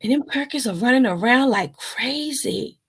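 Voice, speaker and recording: A woman's voice: high voice, normal speed, slightly rough. A woman co-hosting a live online show, chatting casually and playfully as she promotes an event. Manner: playful and lively, breaks into silly rhyming ditties.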